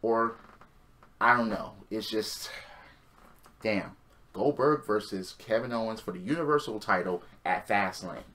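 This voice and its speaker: A man's voice: fairly low pitch, measured pace, pauses often, pushed and bright. A man recapping a wrestling show in a casual, sarcastic monologue, sighing and swearing freely.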